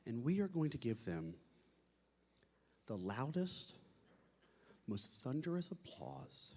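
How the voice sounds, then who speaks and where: A man emceeing a banquet, joking with the audience and shouting playful announcer calls. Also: mid-range voice, sing-song, slow pace, long pauses. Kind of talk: hyping up a live audience. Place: large banquet hall. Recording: echoey hall.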